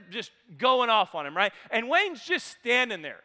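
An animated male speaker with a high, bright voice. He tells a story in a sermon, rising to loud bursts and then dropping to hushed tones. A long reverb trails behind him as if he is in a large hall. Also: moderate pace, hardly any pauses.

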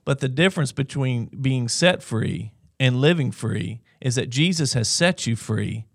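A man's voice: medium pitch, animated, a little slow, creaky, dry recording, studio quality. A man co-hosting a Christian livestream, speaking earnestly and encouraging viewers to respond in the chat. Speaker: co-host of a faith livestream. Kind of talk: conversational Christian teaching.

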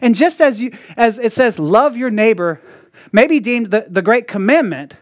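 A man preaches in a loose, chatty sermon style and slips into mocking voices when he quotes people. His speech is full of "like" and quick asides. The sound is dry and close, with no room echo. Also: very high voice, lively intonation. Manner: conversational, often acts out quoted voices with a mocking edge; frequent "like" fillers and laughs.

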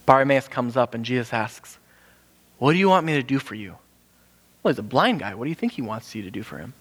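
A man's voice: fairly quick, breathy edge. Man preaching a sermon in a reverberant hall. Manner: animated, acts out quoted voices with sudden pitch jumps. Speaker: pastor.

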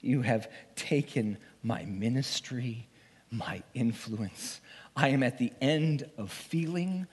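A male pastor delivering a dramatic first-person sermon monologue, emotional and swinging from pleading to hushed whispers. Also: mid-range voice, slow, breathy edge. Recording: long reverb of a large hall.

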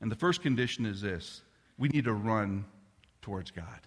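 A middle-aged man preaching a sermon as a pastor, an animated storyteller who talks straight to the congregation. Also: on the low side, moderate pace, breathy edge. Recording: long reverb of a large hall.

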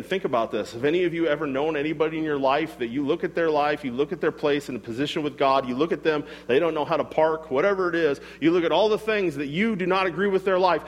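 A man's voice: a little high, in a large hall. A man preaching a sermon in a casual, emphatic way, full of rhetorical questions. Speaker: pastor.

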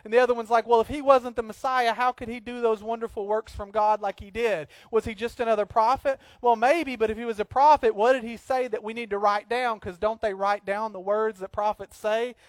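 A man preaching a sermon in an animated, joking way, acting out little scenes between points. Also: very high voice, a little fast, few pauses, no echo. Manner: animated, jokey preaching with acted-out asides. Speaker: pastor.

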